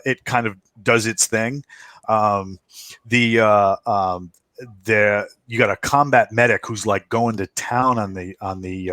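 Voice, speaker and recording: Low-voiced man narrating as game master. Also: a bit bright, no echo. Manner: halting, many fillers and restarts.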